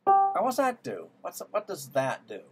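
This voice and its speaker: A man's voice: on the high side, wildly swooping pitch, measured pace. A man teaching music theory, trying out ideas aloud and musing as he works through them. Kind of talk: thinking-aloud music lesson. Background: piano playing.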